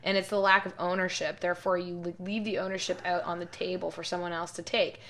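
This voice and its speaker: A woman's voice: on the low side, level tone, fast, fairly bright tone. A woman speaking as a podcast guest, giving her opinions articulately in casual conversation. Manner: opinionated, articulate, laughs easily.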